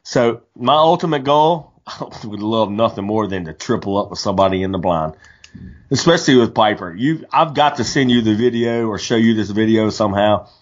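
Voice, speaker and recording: Animated male storyteller, lo-fi podcast. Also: fairly low pitch, moderate pace. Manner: animated storyteller, frequent restarts. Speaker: podcast co-host. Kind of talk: casual hunting chat. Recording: dull lo-fi podcast audio.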